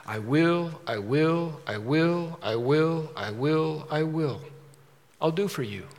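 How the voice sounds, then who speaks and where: A calm, solemn God speaks in a hushed, slightly raised voice, put on by a preaching man. Each promise comes slowly and repeats. The words hang in the long reverb of a large hall. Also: a little high. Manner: slow repetitive hushed promises.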